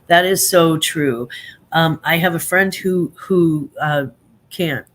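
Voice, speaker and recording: A woman's voice: low-pitched, slow, slight background noise. Rambling woman hosting a casual live chat. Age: 50s. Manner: rambling, with many fillers and restarts; laughs often between remarks. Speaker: live stream host.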